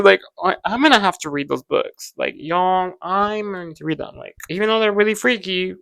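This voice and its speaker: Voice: medium pitch, normal speed, vocal fry, hardly any pauses, a bit bright, clean tone, dry recording. Gushing, rambling pop-culture podcast host. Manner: gushing, rambling, heavy use of "like". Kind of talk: casual pop-culture chat.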